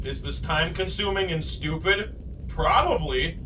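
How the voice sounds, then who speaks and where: A man hosting a game playthrough, muttering to himself and then shouting and swearing in frustration, teasing himself as he plays. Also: high-pitched, a little slow, far from the mic, loud music behind the voice. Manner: excitable, swings from muttering to shouting; self-deprecating, swears. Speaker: gaming channel host. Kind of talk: let's play commentary.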